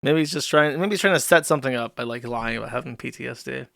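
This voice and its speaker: A man's voice: medium pitch, vocal fry, fairly bright tone, dry recording, clean studio sound. A man hosting a livestream in a casual chat style, reading out donation messages in an offhand, sardonic way. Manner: offhand and sardonic, with quick laughs. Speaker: host.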